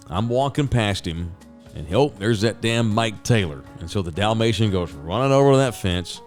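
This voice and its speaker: A middle-aged man telling a story as a host, casual, rambling and profane, with sound effects. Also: on the low side.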